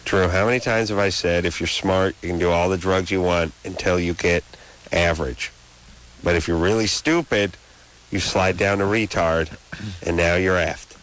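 A man's voice: sits low, fairly even intonation, normal speed, a bit bright, poor audio. A man in his thirties hosting a late-night radio call-in show, ranting in long, opinionated riffs. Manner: rambling, opinionated rants. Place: radio studio. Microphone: studio microphone.

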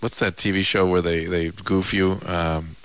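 A middle-aged man co-hosting a radio show as the doctor, calm and explanatory, laughing easily. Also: low-pitched, measured pace, clean tone. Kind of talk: casual late-night radio banter.

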